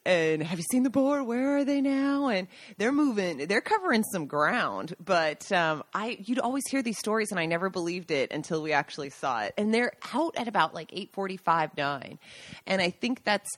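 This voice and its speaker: Lively low-voiced woman, dry recording. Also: moderate pace, no echo. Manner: chatty, laughs often, animated storytelling. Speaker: co-host. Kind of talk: casual podcast chat. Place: rural home.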